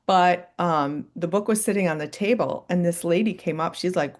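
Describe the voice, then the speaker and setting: A woman's voice: on the low side, normal speed, few pauses. A woman hosting a podcast, encouraging her guest and chatting casually about books. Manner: encouraging, affirming listener. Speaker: podcast host. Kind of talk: casual chat.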